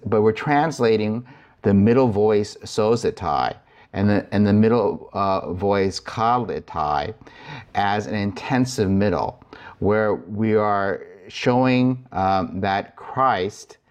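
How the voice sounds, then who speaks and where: Man explaining Greek grammar, low-pitched. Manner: explains step by step with frequent fillers and restarts. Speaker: Greek instructor. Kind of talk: recorded lecture.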